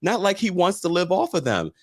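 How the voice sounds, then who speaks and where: A man hosting a casual reality TV recap, chatty and animated, reading viewer comments aloud and laughing often. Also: high voice, brisk. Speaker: host.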